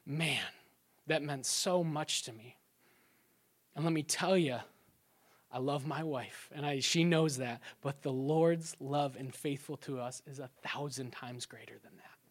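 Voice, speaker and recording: A young adult man preaching a sermon, telling animated stories and dropping to a soft hush when he quotes someone. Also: medium pitch, a little slow. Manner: animated storytelling, drops to soft hushed tones for quotes. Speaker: pastor.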